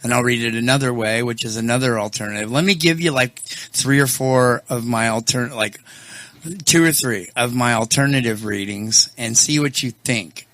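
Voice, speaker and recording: A male show host chatting casually and telling stories, animated and quick to laugh. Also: mid-range voice, no room sound. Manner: laughs often, animated, tells stories with voices. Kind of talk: casual chat and storytelling.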